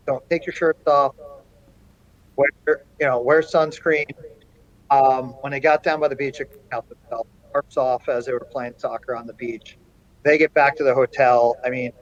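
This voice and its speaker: A middle-aged man, a college hockey coach, telling an animated story in an interview, with plenty of ums and restarts. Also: medium pitch, highs cut off. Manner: animated anecdote-telling with frequent fillers.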